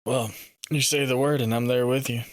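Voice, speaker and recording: A man's voice: medium pitch, fairly even intonation, fairly quick, no room sound. A man playing his character in a tabletop game, speaking in a reassuring, upbeat way. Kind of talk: casual in-character play.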